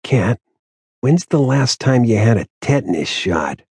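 A man's voice: mid-range voice, big pitch swings, a little slow, a little mellow, husky, dry recording, studio quality, full character voice. A man voicing a joking, somewhat nervous male police detective. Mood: wry. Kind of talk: audiobook character voice.

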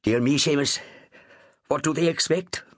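A man's voice: on the high side, measured pace, dry recording, clean studio sound, voice pushed up. A man voicing a small fussy agent. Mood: courteous. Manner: polite, anxious, precise. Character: small fussy Indian shipping agent, middle-aged. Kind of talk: audiobook character voice.

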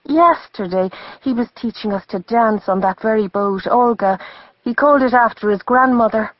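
A woman's voice: on the high side, moderate pace, no room sound, dull audio, voice pushed up, lightly acted. A woman voicing a young woman tourist in an audiobook, dismayed and breathless. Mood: shocked.

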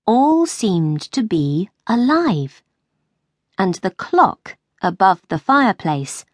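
Woman, audiobook narrator, very slow deliberate pace, lively pitch, dry close studio sound. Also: no room sound. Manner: lively, clear storytelling for learners. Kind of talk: scripted narration.

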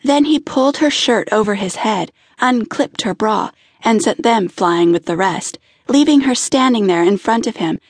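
A woman reading a romance audiobook in an expressive, intimate style. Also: on the high side, normal speed, hardly any pauses, dry recording, clean studio sound. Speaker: audiobook narrator. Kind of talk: scripted narration.

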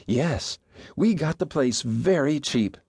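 Brief: eager, bright-voiced young woman in a western audiobook, voiced by a man, dry studio read. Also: medium pitch, lively intonation, slow pace, breathy edge, dry recording, voice pushed up, full character voice. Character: cheerful, trusting young woman on a stagecoach. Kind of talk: audiobook character voice.

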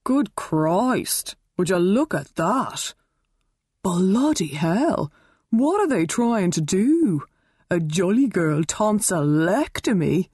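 Woman narrator as a sardonic younger woman, blunt, husky tone. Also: medium pitch, moderate pace, few pauses, darkish tone, no echo, studio quality, voice pushed up, lightly acted. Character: blunt, sardonic adult daughter.

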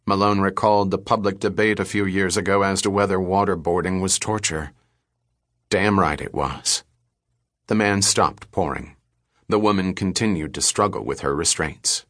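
A man narrating an audiobook thriller in a steady, measured storytelling manner. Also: deep voice, no room sound, studio quality.

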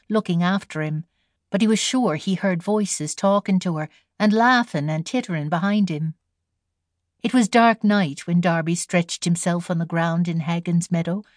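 A woman narrating an audiobook story, reading in an even storytelling manner and voicing the characters now and then. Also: lowish voice, no room sound, clean studio sound. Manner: storytelling read with voiced characters. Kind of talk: scripted narration.

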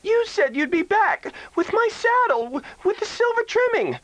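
A man's voice: very high-pitched, big pitch swings, normal speed, fairly bright tone, dry recording, voice pushed up, full character voice, poor audio. A man voicing a scheming, pug-nosed little sister in an audiobook, whiny and wailing. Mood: pleading.

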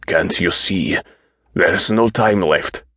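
A man voicing a delusional older man who calls himself a king, speaking in slow, emphatic, agitated pronouncements. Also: low voice, a bit bright, no room sound, studio quality, heavily acted. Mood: fearful.

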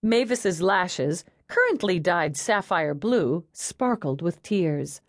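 A woman narrating an audiobook in a wry, expressive storytelling manner. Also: fairly low pitch, a little slow, no echo, clean studio sound. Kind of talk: scripted narration.

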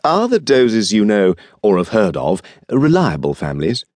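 A male audiobook narrator voicing a composed middle-aged antiques dealer who speaks in a dry, measured, understated way. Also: fairly low pitch, huge pitch swings, darkish tone, no echo. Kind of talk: audiobook character reading.

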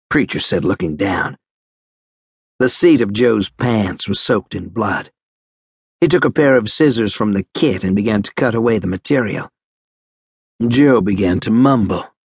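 A man narrating an audiobook in a measured, even storytelling manner. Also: on the low side, breathy edge, no room sound, clean studio sound. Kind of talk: scripted narration.

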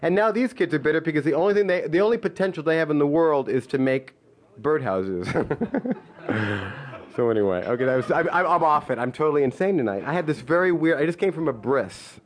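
A man's voice: fairly high pitch, animated, fairly quick. A man in his fifties holds the stage with a loose, rambling comic story. He restarts his sentences, leans on "like" and pokes fun at himself in a playful, easygoing way. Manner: rambling, stop-start and full of "like"; playful, self-mocking. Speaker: comedian. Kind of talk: live storytelling stand-up.

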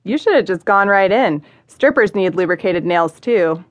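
A woman's voice: medium pitch, animated, normal speed, no echo, lo-fi sound, lightly acted. A woman voicing a friendly male hotel bartender who teases and consoles, in an audiobook memoir. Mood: consoling. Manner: sassy, affectionate, calls her honey.

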